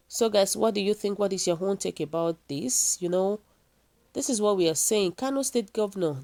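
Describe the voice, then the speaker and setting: A woman's voice: mid-range voice, warm tone. A woman with a Nigerian accent reading a news story and then giving her opinion to viewers, earnest and full of rhetorical questions. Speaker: news commentator.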